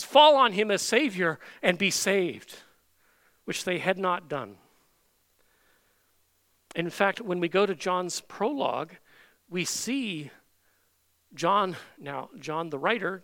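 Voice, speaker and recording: A man's voice: high voice, pushed and bright, no echo. A man preaching a sermon, emphatic, with many rhetorical questions to the congregation. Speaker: pastor.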